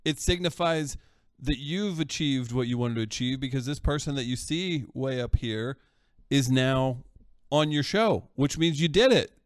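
A man chatting casually and backing up the host warmly. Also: medium pitch, moderate pace, no room sound, clean studio sound. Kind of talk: casual chat.

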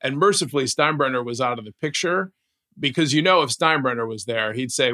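A man co-hosting a casual sports podcast, telling stories in an animated way and laughing often. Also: mid-range voice, brisk. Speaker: podcast co-host.

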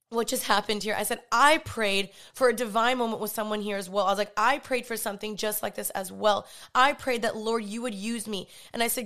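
A young woman hosting a podcast, telling a story in a casual, animated way, quoting dialogue and saying "like" a lot. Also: medium pitch, brisk, few pauses. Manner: animated retelling with quoted dialogue, many "like"s. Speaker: podcast host.

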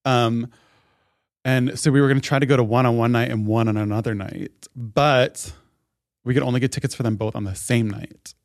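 A man's voice: mid-range voice, fairly even intonation, moderate pace, no room sound. Chatty man telling a story, dry sound. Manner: chatty storyteller, heavy "like" fillers. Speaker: podcast co-host. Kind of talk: casual chat.

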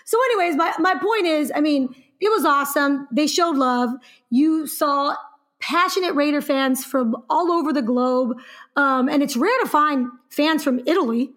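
A young woman co-hosting a podcast, telling a story in a lively, chatty way and laughing often. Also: sits high, moderate pace. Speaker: podcast co-host. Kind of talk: casual podcast chat.

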